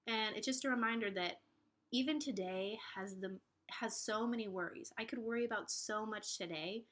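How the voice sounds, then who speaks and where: A woman's voice: medium pitch, moderate pace, a bit bright. A young woman in her twenties talking earnestly to camera in a casual vlog, encouraging and reassuring, with frequent fillers and restarts. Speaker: vlogger giving relationship advice.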